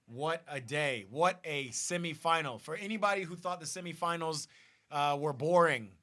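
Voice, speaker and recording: Man, live-stream host, fast restarts, bright forceful tone. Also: on the high side. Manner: excitable, repeats and restarts, talks to viewers directly. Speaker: host of a football watch party stream. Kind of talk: casual live-stream chat.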